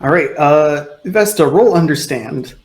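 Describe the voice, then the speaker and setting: A man's voice: fairly high pitch, animated, unhurried, slight background noise, poor audio. A man running a tabletop game as game master, narrating loosely with lots of "like" and "sort of".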